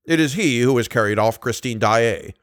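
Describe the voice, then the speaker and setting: A male narrator voicing a self-satisfied police commissary who questions briskly. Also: mid-range voice, a bit bright, no echo, studio quality, lightly acted. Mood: probing.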